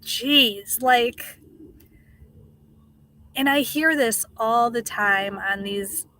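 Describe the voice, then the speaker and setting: A woman's voice: fairly high pitch, drawn-out words, bright, forceful tone, a little hiss or hum. A middle-aged woman streaming live, ranting passionately in casual chat, swearing and greeting viewers.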